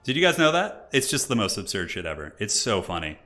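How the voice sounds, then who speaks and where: A young man hosting a live game stream, chatting casually and excitably with viewers and often laughing. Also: lowish voice, brisk. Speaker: streamer hosting multiplayer matches.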